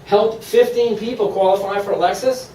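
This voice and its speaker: A man from Maine giving an upbeat, persuasive sales pitch to a live room, laughing often. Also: steady tone, moderate pace, warm tone, roomy sound, distant mic, slight background noise, low-quality recording. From Maine, USA. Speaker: presenter at a sales meeting. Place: meeting room.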